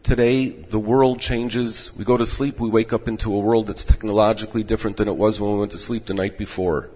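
A man who directs rabbinic placement, giving measured advice in an interview while losing his voice. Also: on the low side, fairly even intonation, darkish tone, slightly rough. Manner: measured, advising. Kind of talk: explanatory interview answers. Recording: echoey dull room audio.

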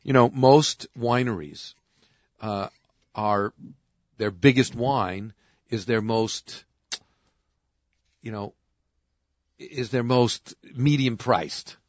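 A man's voice: mid-range voice, very slow, pauses often, no echo, dull audio. A man hosting a casual wine talk show, explaining wines in a talkative way and often repeating his words. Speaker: host, wine expert. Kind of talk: casual chat.

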